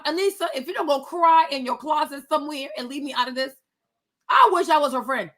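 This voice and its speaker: A high-pitched woman, ranting in a casual, sassy way. She talks bluntly and profanely and mocks the people she talks about. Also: fast talker, a bit bright. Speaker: commentator reacting to celebrity gossip. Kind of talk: casual rant.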